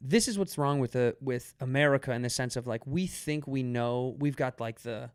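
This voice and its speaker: A man in casual podcast chat, telling an animated story full of fillers, restarts and acted-out quotes. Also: medium pitch, normal speed, clear, resonant tone, dry recording, studio quality.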